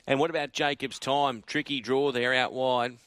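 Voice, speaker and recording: A man's voice: medium pitch, steady tone, normal speed, a bit bright. A man hosting a radio racing interview, casual, now and then stumbling over horse names.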